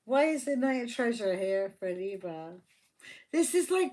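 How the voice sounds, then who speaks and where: A woman's voice: on the high side, very animated, unhurried, a little mellow. A woman giving a casual live tarot reading, blunt, joking and full of swearing. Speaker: tarot reader. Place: home livestream.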